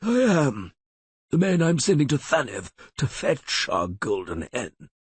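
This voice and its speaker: A man's voice: medium pitch, big pitch swings, unhurried, slightly rough, no room sound, heavily acted. A man voicing a cunning, sickly male lawyer who sneers with cynical scorn, in an audiobook. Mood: scornful.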